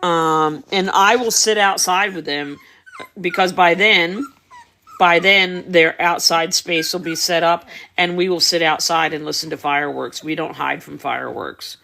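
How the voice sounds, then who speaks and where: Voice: medium pitch, steady tone, a little slow, vocal fry, sharp tone, slight background noise. Chatty dog breeder on a live stream. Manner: chatty, explaining at length. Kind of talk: casual live-stream chat. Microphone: phone or device on a live stream.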